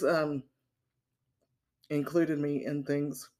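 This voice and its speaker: An older woman guest speaking hesitantly, with many pauses and fillers. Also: very deep voice, a little mellow. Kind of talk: interview conversation.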